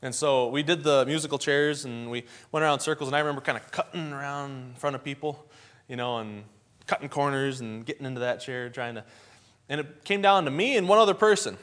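A man's voice: medium pitch, fairly quick, fairly bright tone. A man preaching a sermon in a folksy storytelling way, acting out the scenes he describes.

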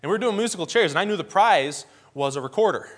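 A man's voice: high voice, lively intonation, fast talker. A man preaching a sermon in a folksy storytelling way, acting out the scenes he describes.

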